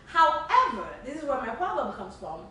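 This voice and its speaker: Her voice is a little high and a bit bright, at a moderate pace, as this podcast co-host talks casually but earnestly, stressing her points and frequently starting words over. The mic is distant in an echoey room, leaving faint hiss.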